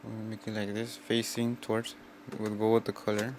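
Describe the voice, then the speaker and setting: A man casually walking through a hands-on how-to, giving plain, unhurried step-by-step instructions. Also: lowish voice, monotone, a little mellow, slight background noise. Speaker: tutorial presenter.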